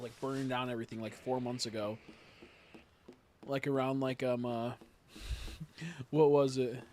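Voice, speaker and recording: A man's voice: medium pitch, a bit bright. Rambling, profane young male streamer. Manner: rambling, profane, talks to chat. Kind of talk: casual live-stream chat.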